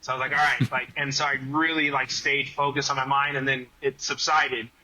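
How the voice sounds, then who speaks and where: A man's voice: mid-range voice, a little fast, poor audio. A man, a guest on a running podcast, telling stories in casual conversation with lots of "like" fillers. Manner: animated storyteller, many fillers like "like".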